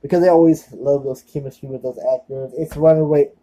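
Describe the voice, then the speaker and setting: A man's voice: on the high side, fairly even intonation, fairly quick, warm tone, highs cut off. A young man vlogging in a casual, rambling monologue, full of fillers and self-deprecating asides.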